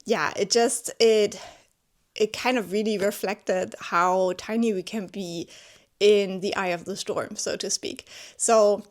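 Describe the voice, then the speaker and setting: Chatty woman book vlogger. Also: medium pitch. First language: not English. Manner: chatty, heavy use of "like" and restarts; emotionally animated, exclaiming. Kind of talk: casual spoken book review. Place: at home with her cat.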